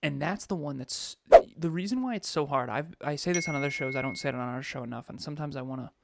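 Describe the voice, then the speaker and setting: A man co-hosting a podcast and coaching, talking in an animated, emphatic way and laughing often. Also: a little high, quick pace, gravelly. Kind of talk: casual podcast chat.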